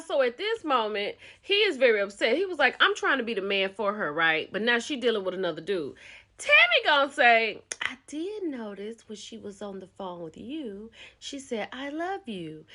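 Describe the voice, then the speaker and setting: Animated chatty woman recapping a show. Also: a little high. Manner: chatty, animated storytelling with quoted lines. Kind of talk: casual reality-show recap.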